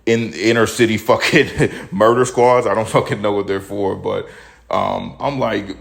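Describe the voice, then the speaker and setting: Man, young, podcast host, low voice, crackly fry, blunt profane rant. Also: steady tone, normal speed. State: slightly out of breath. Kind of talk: casual opinion commentary.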